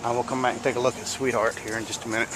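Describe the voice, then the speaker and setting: A man's voice: medium pitch, little pitch movement, very fast, noisy background. A man giving blunt, folksy workshop commentary on welding and truck repair, swearing casually as he works. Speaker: home mechanic showing welding work.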